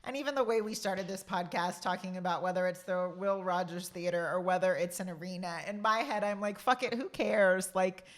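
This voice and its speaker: A woman's voice: lowish voice, fairly even intonation, brisk, few pauses. A woman co-hosting a podcast with her husband, chatty and talking with plenty of "like"s as she jumps in. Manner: chatty, lots of likes, jumps in with her side. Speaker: podcast co-host, host's wife. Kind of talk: casual chat.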